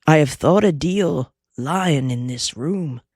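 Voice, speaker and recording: A woman voicing a grave, gentle young cowpuncher who talks in plain folksy Western speech, slow and earnest. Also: low-pitched, lively intonation, breathy edge, no echo, studio quality, exaggerated voice.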